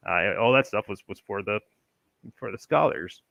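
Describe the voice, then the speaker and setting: Rambling man from Maryland, bright dry voice. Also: fairly low pitch, lively intonation, normal speed, vocal fry, dry recording. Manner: rambling, many restarts and chuckles. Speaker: channel host. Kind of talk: casual commentary reading from an old text.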